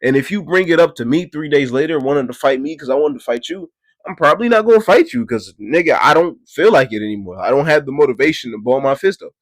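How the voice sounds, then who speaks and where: A man casually telling a story, profane and animated, his voice jumping high and loud when he gets excited. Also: fast, dry recording.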